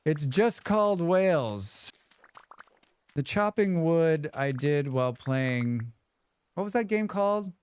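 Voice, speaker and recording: A man with a highish, slightly mellow, clean voice speaks slowly but animatedly while livestreaming a game. He chats casually with viewers, humming and thanking them as he plays.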